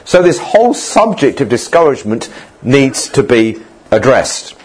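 Husky-voiced man preaching a sermon. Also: mid-range voice, sing-song, a little slow, darkish tone. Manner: conversational, acts out mocking voices in quotes.

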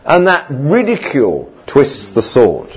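Man, sermon, conversational, husky voice, mid pitch. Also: wildly swooping pitch, slow pace. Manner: conversational, acts out mocking voices in quotes. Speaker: preacher.

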